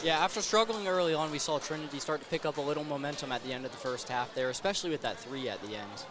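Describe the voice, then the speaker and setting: A man giving calm, measured analysis of a high school basketball game as color commentator. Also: a crowd in the background. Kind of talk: sports analysis.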